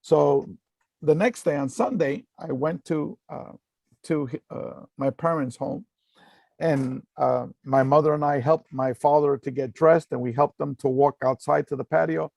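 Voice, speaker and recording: Man, middle-aged, gravelly, mellow tone, earnest storytelling talk. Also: on the high side, unhurried, no echo. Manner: earnest, full of fillers and repeated phrases. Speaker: speaker giving a talk.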